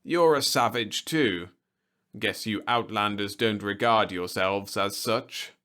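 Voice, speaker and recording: A man's voice: on the low side, takes it slowly, bright, forceful tone. A man reading a storybook aloud, voicing a frail, pampered young city man who speaks in a listless, plaintive, slightly haughty way. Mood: weary, mild.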